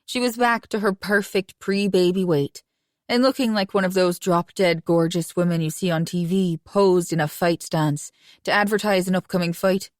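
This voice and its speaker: Lower-voiced woman narrating a romance audiobook. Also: no echo, clean studio sound. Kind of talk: first-person romance narration.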